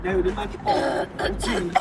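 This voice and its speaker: A man's voice: a little fast, noisy background. A young South African man hosting a street challenge, playful and teasing as he hypes up contestants outdoors. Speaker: host of a street challenge show. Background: music playing.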